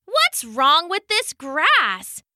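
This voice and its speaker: A woman voicing a squeaky, excitable little bunny. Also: very slow, no room sound, studio quality, full character voice. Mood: puzzled. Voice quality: high, bright and exclaiming. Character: little female bunny, eager and easily startled. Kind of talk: storybook reading.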